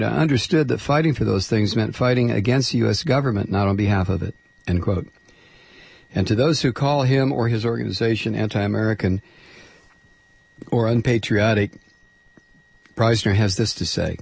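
A man's voice: on the low side, creaky, slightly rough, no room sound. A man hosting talk radio, reading quotes aloud and commenting with frequent hesitant fillers. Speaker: radio host.

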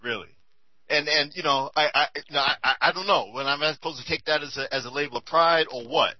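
A man's voice: fairly high pitch, fast, no room sound. Man, casual talk, rambling, tired, dry dull sound. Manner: laid-back, rambling, with many fillers. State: tired and a bit high. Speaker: commentator on a talk show.

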